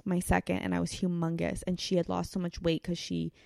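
A woman's voice: on the low side, monotone, brisk, vocal fry, darkish tone, dry recording, clean studio sound. A woman in her thirties sharing a candid personal story in casual chat, saying 'like' often. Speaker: guest.

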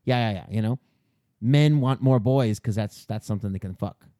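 A man's voice: fairly low pitch, normal speed, dark tone, dry recording, studio quality. A man co-hosting a podcast, riffing crudely with stammering restarts and lots of swearing. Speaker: podcast co-host. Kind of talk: crude comedic banter.

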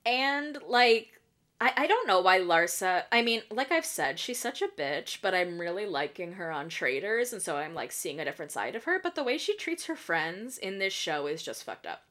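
Woman doing a casual reality tv recap, super lively pitch, bright voice, laughs a lot. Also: normal speed. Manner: chatty, animated, laughs often, swears freely. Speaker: podcast host.

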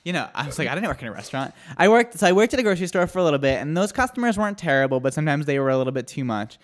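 A man's voice: a little high, very animated, rapid-fire. A man co-hosting a podcast, telling rambling stories in casual chat, swearing and laughing often. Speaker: podcast co-host.

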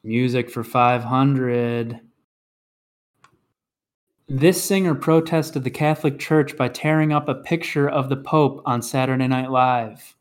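A man's voice: medium pitch, slow pace. Man hosting a podcast trivia game. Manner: reads clues, announces scores.

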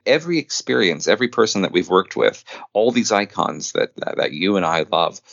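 A man, an audio drama producer, talking as an interview guest, animated and full of stammering restarts. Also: fairly low pitch, fairly quick, creaky, dry recording, highs cut off. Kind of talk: conversational interview.

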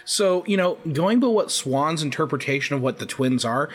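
A man co-hosting a loose podcast chat, always ready with a quick joke. His voice sits a little high, and his pitch moves a lot as he talks. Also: lively intonation, slightly rough. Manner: wisecracking, quick with jokes. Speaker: podcast co-host. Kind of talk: casual chat.

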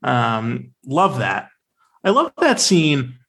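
A man co-hosting a podcast in casual film talk, sarcastic and animated, with many fillers. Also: medium pitch, extremely slow, creaky. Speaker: podcast co-host.

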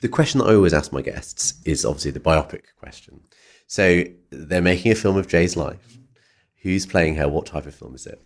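A man's voice: low-pitched, normal speed. A man hosting a podcast, telling an anecdote in a rambling way with lots of "sort of" and "like". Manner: rambling, hedges a lot with "sort of" and "like". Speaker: podcast host. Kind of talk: casual storytelling interview.

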